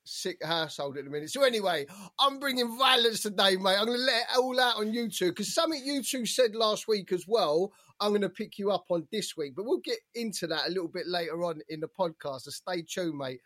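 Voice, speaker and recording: High-voiced man, animated storyteller. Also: fairly quick, few pauses. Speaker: podcast co-host. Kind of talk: casual chat.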